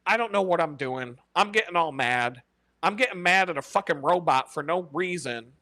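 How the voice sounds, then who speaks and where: A man hosting a casual live stream, talking in an animated, profane way and laughing often. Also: on the high side, moderate pace, dry recording.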